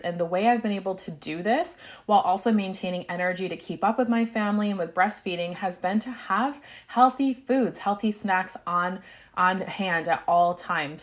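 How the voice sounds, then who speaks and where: A woman hosting a solo podcast, giving tips in a chatty way, speaking straight to her listeners and often checking in with "right?". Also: medium pitch. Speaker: podcast host.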